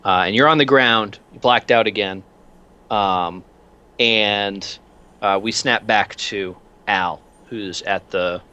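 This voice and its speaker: A man narrating as game master in a tabletop game, animated and rambling with many fillers. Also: lowish voice, slow, smooth, highs cut off.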